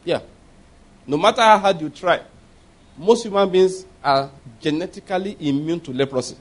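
A middle-aged man preaching a sermon, telling personal stories with animated quoted voices and laughing at his own tales. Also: high-pitched, normal speed. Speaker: pastor.

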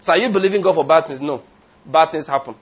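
Delivering a forceful sermon, a preacher fires rhetorical questions at his congregation and drifts off on tangents. He talks fast in a higher, breathy-edged voice, recorded with dull lo-fi sound.

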